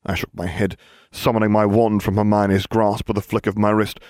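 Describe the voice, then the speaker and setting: A man reading a story aloud in a lively, animated way. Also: lowish voice, moderate pace, dry recording, clean studio sound. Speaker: narrator. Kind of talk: reading fan fiction aloud.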